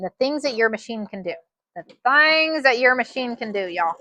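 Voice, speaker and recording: A woman giving a casual sewing machine demonstration, chatty and excitable, repeating her phrases as she works. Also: fairly high pitch, normal speed, music in the background. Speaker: sewing instructor.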